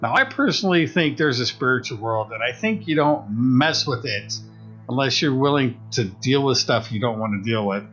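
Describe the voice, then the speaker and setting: A man's voice: mid-range voice, normal speed, highs cut off, soft background music. A man co-hosting a podcast, casually telling a story and acting out the voices of the people in it. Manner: animated retelling, acts out quoted voices. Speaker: podcast co-host.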